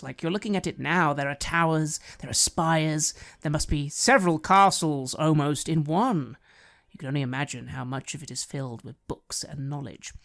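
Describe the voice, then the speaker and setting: A game master narrating a fantasy tabletop game in a descriptive, unhurried way. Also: medium pitch, vocal fry, fairly bright tone.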